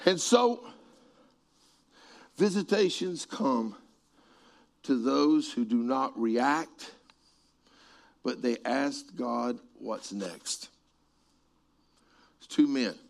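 A man preaching a sermon, telling stories with asides to people in the room and swinging from hushed tones to shouts. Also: medium pitch, expressive, very slow, creaky, long pauses.

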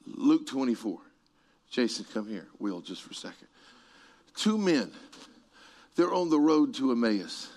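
A man preaching a sermon, telling stories with asides to people in the room and swinging from hushed tones to shouts. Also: mid-range voice, big pitch swings, measured pace, pauses often.

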